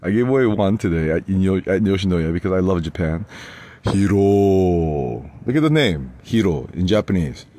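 A man's voice: low voice, lively intonation, normal speed, warm tone. A man in his forties talking on and on from a spa tub, swearing, laughing often and jumping from one topic to the next. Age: 40s. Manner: profane, laughs often, jumps between topics. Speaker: vlogger. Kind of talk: rambling monologue.

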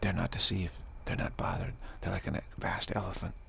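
A man's voice: low-pitched, steady tone, brisk, creaky, fairly bright tone, a little hiss or hum. A man giving a rambling, emphatic spiritual talk as a teacher, often dropping into whispers. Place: Bay Area, California.

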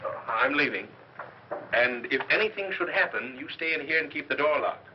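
A man's voice: fairly high pitch, expressive, normal speed, highs cut off, a little hiss or hum, natural voice. An actor playing a cocky, dry-witted man in 1930s film style, on an old soundtrack. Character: cocky wisecracking man, sweet on heroine.

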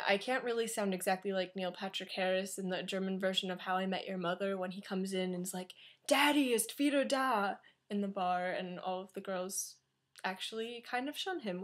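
A woman's voice: medium pitch, fairly even intonation, brisk. A seventeen-year-old girl from New York with an American accent, chatting to her computer camera at home in a rambling, self-deprecating way. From New York, USA. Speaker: vlogger, exchange student. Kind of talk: casual talking-to-camera vlog. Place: home, indoors. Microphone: computer webcam.

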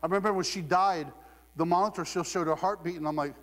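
A man's voice: high-pitched, fairly even intonation, fast talker, a bit bright. A man from Ohio preaching a sermon in a conversational, humorous way, often laughing. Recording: long hall reverb.

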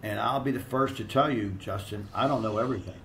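A man's voice: lowish voice, fast, a little hiss or hum, rough recording. A middle-aged American man and strength coach telling blunt, profane, rambling stories in a casual interview.

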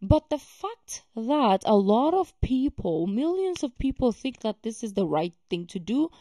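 A woman's voice: a little high, very animated, measured pace, mellow, no echo, clean studio sound. A woman hosting a reaction video, talking casually and emphatically with many fillers and exasperated remarks.

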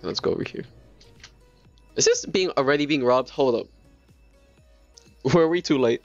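A man talks through his game live, rambling and repeating himself in excited bursts at a middling pitch. His voice comes through a dull, lo-fi stream mic. Faint game music plays underneath. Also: moderate pace, vocal fry, no room sound. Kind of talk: casual live gameplay commentary.

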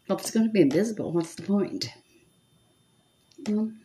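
A woman's voice: lowish voice, lively intonation, normal speed, long pauses, warm tone, slight background noise. A woman in her seventies doing her makeup on camera, chatting to her viewers and muttering to herself as she works. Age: 70s. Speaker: makeup vlogger. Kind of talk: casual chat while doing makeup.

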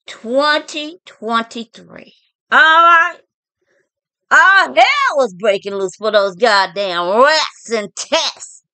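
A woman delivers a profane monologue to her viewers in a bright, high voice. She takes it slow, taunting and preaching and checking in with "all right?". The sound is dry and close. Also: dry recording. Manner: taunting, preachy, often breaks into laughter; repeats "all right?" to address listeners. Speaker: online commentator.

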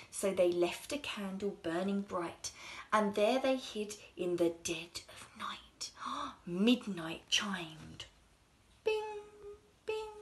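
A high, animated woman telling a children's story in a slow, sing-song manner. Her voice swoops up and down, and she sometimes drops into a hush. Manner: expressive, sing-song, with soft whispered passages.

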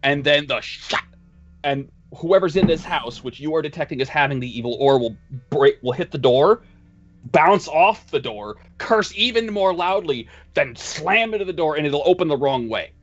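A man's voice: fairly high pitch, expressive, normal speed, lo-fi sound. A man narrating as game master, loose and profane, laughing between lines.

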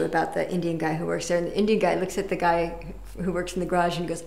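A woman telling a personal story in an unhurried, reflective way, pausing with fillers and restarts. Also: fairly low pitch, fairly even intonation, creaky, darkish tone, reverberant. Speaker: meditation teacher.

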